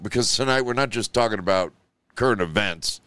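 A man hosts his show in a loose, emotional ramble, his words padded with "you know" and "like." His voice sits on the low side. The sound is dry, with no room around it. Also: a little fast, a bit bright, no room sound. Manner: emotional, rambling, heavy on 'you know' and 'like'. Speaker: show host. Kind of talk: rambling live show monologue.

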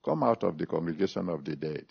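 A man's voice: deep voice, very animated, fast, creaky, breathy edge. A man preaching a sermon, stressing and repeating scripture references, then leading an altar call and prayer. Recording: dull lo-fi recording.

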